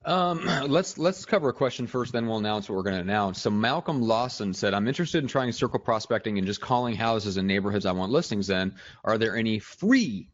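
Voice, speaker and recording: Steady, low-voiced man host. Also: fairly quick, few pauses, dry recording, highs cut off. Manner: steady, organized, reads listener questions. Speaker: podcast host. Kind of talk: casual chat.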